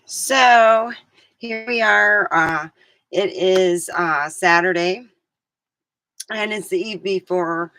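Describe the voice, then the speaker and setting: A woman vlogging in a rambling, hesitant way, losing her train of thought, then leading a slow guided meditation. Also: lowish voice, fairly bright tone, no echo, rough recording. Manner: soothing, slow guided relaxation. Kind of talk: casual chat and guided meditation.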